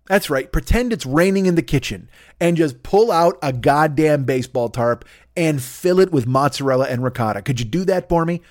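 A man hosting a comedy podcast, riffing in an excitable, profane, absurdist monologue. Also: a little high, moderate pace, no echo, studio quality. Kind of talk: rambling improvised comic monologue.

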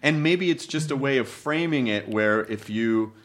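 A man's voice: medium pitch, normal speed. A man hosting a podcast, a stand-up comedian talking loosely, swearing and restarting his sentences. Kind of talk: casual podcast chat.

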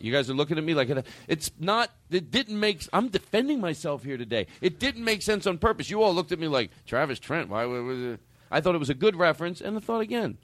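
A man's voice: fairly high pitch, no room sound. A man hosting a podcast in casual chat, joking and rambling with self-mocking asides. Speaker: podcast host.

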